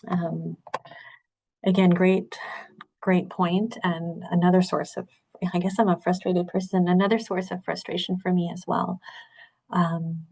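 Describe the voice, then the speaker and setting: A middle-aged woman speaks in a low, gravelly register while she presents a webinar. Her voice has a husky edge, and she talks in an earnest, candid way. She sounds like she is on a video call. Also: a little mellow. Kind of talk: webinar talk.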